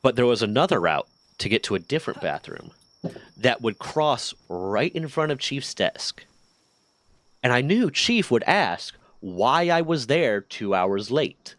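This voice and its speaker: A man's voice: medium pitch, no echo. A man streaming, telling a workplace story in a casual, profane way and acting out the dialogue. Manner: profane, animated retelling with quoted dialogue.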